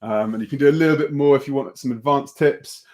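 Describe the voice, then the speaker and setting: A man's voice: medium pitch, fast talker. A young man teaching an online beatbox workshop, easygoing and encouraging, with lots of ums and restarts as he explains. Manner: relaxed, encouraging, full of fillers and restarts.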